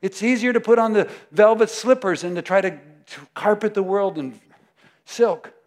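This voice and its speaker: A man preaching a sermon, emphatic, moving between loud declarations and hushed prayer. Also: high voice, normal speed.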